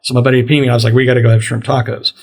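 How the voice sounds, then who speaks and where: A man's voice: medium pitch, rapid-fire. A middle-aged man hosting a podcast, telling a long story in a casual way and acting out the quoted lines of the people in it. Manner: animated storyteller, acts out quoted dialogue. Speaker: podcast host.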